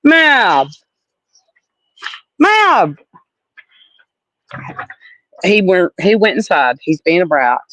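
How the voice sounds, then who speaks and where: A woman's voice: on the low side, animated, normal speed, few pauses, no room sound, low-quality recording. A woman from Alabama with a Southern accent, chatting with viewers on a casual livestream, blunt and salty, calling people honey. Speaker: livestream host.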